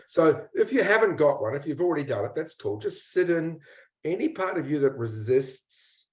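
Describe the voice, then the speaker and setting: A man's voice: on the high side, big pitch swings. Man coaching in a roomy lo-fi room. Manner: slow, repetitive, intimate, blunt at times. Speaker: mindset coach. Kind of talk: guided reflection talk. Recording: roomy dull lo-fi recording.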